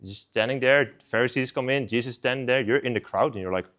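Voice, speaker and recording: A young man preaching at a student service, telling the story in a casual, animated, conversational way. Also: medium pitch, quick pace, lo-fi sound. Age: young adult.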